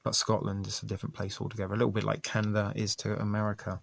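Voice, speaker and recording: A man reading articles aloud and commenting in a casual, halting way, with many ums and restarts. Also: fairly low pitch, completely flat delivery, creaky. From England. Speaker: video host.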